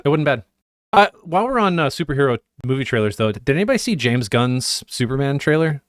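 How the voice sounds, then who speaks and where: Lively sarcastic man on a dry mic. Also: mid-range voice, fast talker, dry recording. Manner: teasing, sarcastic. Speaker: podcast co-host. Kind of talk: casual chat.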